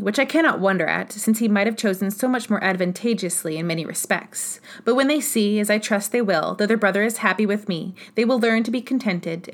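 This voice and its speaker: Gentle, earnest young heroine, read by a woman. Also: medium pitch, natural voice.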